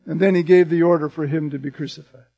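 A man with a high, light voice delivers an expository sermon. He reads scripture aloud and then explains it in plain, direct terms. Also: fairly even intonation, fast, mellow, muffled recording. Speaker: pastor.

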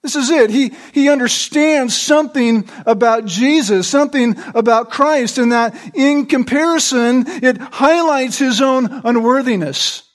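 A man delivers an expository sermon in a high-pitched voice. He explains the text word by word, keeps checking in with his listeners, and restarts phrases now and then as he works through each verse. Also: a little slow, few pauses. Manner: explanatory, frequent "right?" checks and small restarts. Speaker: preacher.

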